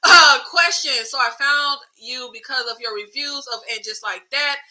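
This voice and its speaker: A woman hosts a casual livestream with a high, very bright voice. She talks in an animated way, swears freely and answers viewer comments. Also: moderate pace, low-quality recording. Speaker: YouTube host.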